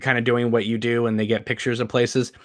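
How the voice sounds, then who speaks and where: A man's voice: mid-range voice, flat delivery, a little fast, no room sound. Hesitant man hosting a dry-sounding podcast. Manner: hesitant, many "um" and "you know" fillers. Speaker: podcast host. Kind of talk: casual chat.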